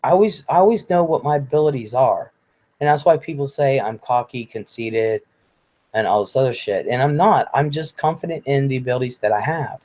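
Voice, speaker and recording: A man hosting a live stream in a relaxed, blunt way, reading viewer comments aloud and swearing casually. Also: mid-range voice, a little fast.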